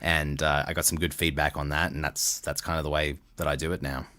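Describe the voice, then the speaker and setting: A middle-aged Australian man with a very deep voice, chatting loosely as an interview guest. He laughs often and circles back over his own sentences. The recording is dry and close, with no room sound. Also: level tone, fairly quick, bright, forceful tone, no echo. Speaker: voice actor guest. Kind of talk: casual interview chat.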